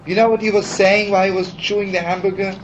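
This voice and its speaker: A man's voice: high voice, flat delivery, fast talker. A man telling stories in a heartfelt, chatty sermon, full of "you know" asides. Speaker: rabbi teaching. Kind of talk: storytelling sermon. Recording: dull archival recording with faint hiss.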